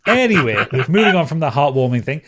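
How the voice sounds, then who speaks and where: A man, the game master, casually plugging the show in a rushed, stumbling way. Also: a little high, big pitch swings, noisy background. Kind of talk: casual chat, show plugs.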